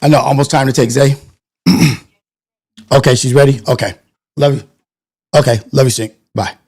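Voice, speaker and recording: A man's voice: medium pitch, fairly even intonation, moderate pace, pauses often, darkish tone. A man hosting a casual live stream, rambling and thinking aloud, often correcting himself. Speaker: live-stream show host.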